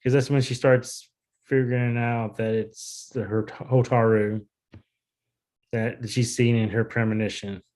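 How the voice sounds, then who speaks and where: Male co-host for a casual podcast, easygoing recap delivery, average pitch. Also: measured pace. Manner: relaxed recapping, with fillers like "uh" and "um". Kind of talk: casual chat.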